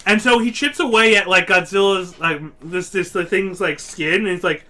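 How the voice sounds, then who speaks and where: A tipsy man on a casual comedy podcast, rambling excitedly and swearing as he explains monster films. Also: sits high, normal speed, few pauses. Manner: rambling, excitable, profane, acts out monster voices. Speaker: podcast guest explaining a film franchise.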